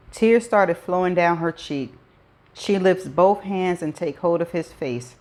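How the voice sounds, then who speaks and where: A woman's voice: on the low side, a little slow, a little mellow. A woman host reading a first-person novel aloud, dropping in her own chatty asides.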